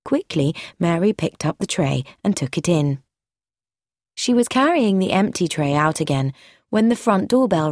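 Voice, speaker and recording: A woman narrating a story aloud in a measured, clear, even way. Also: on the low side, dry recording, studio quality.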